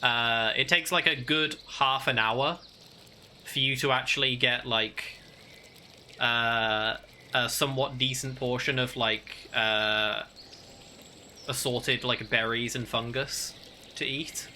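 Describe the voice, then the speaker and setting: A man's voice: mid-range voice, fairly even intonation, slow pace, sharp tone, a little hiss or hum. A man narrating a tabletop game as game master, hesitant and full of fillers.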